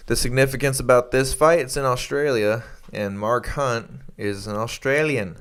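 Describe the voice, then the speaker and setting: A man's voice: medium pitch, fairly even intonation, normal speed, fairly bright tone, clear, resonant tone. A young man co-hosting a podcast in casual chat, rambling with lots of restarts and swearing freely. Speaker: podcast co-host.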